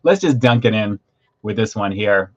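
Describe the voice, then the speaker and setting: A man hosting a livestream snack review, chatty and excitable as he tastes and describes food. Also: fairly low pitch, moderate pace, muffled recording.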